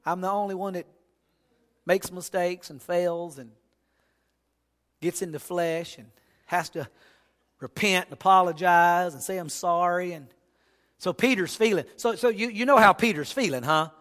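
Preacher guy, high bright voice, acts out the story, big echoey church. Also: a little slow, pauses often. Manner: animated storytelling, acting out voices, folksy humor. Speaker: pastor. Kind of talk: sermon. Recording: long hall reverb.

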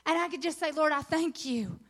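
A middle-aged woman preaching at a women's conference, earnest and encouraging, swelling into excited emphasis when she reads scripture. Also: high-pitched, brisk. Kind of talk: sermon.

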